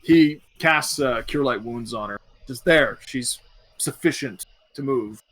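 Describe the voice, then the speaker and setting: A man narrating a tabletop game as game master in a casual, relaxed way. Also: medium pitch, a little slow, no echo.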